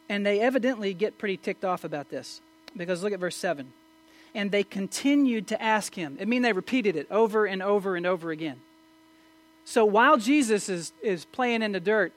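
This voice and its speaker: A man preaching a sermon, swinging from loud emphatic questions to low, quiet asides. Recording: mains hum in the background.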